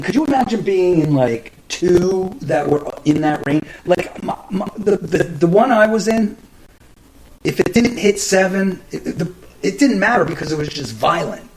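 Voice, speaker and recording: Middle-aged male podcast host, loose profane storyteller, slightly high voice. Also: slight background noise, poor audio. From New Jersey. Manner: rambling, profane, many restarts and fillers. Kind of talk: casual storytelling monologue.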